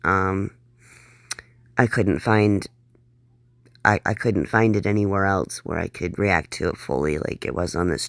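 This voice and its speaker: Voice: low voice, gravelly, fairly bright tone, no echo, studio quality. A reaction channel host giving blunt, sarcastic and profane commentary on a clip.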